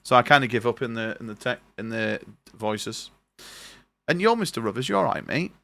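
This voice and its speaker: A young man streams a game over a noisy recording, chatting casually and reading the on-screen dialogue aloud in his own voice. His voice is medium-pitched, sing-song, gravelly and sharp, at a moderate pace with no echo.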